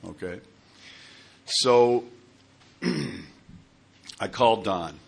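A man telling his own recovery story to a group, in a halting way with repeated words and many fillers. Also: lowish voice, creaky, breathy edge. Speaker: speaker sharing at a recovery meeting.

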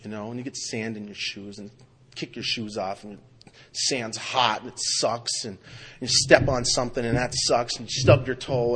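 A man telling his own recovery story at a meeting, with emphatic storytelling that swings from loud outbursts to quiet, low passages. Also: steady tone, moderate pace, slightly rough. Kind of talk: personal recovery talk.

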